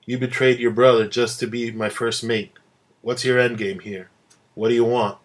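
A man's voice: on the low side, flat delivery, normal speed, close to an everyday voice. A man voicing a stern male pirate captain who is blunt and commanding. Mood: pressing. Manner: blunt, questioning.

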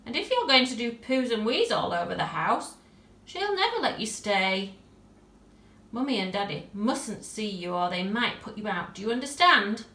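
A woman voicing a cross, bossy little girl who scolds her bear loudly. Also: medium pitch, very animated, normal speed, reverberant. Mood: stern.

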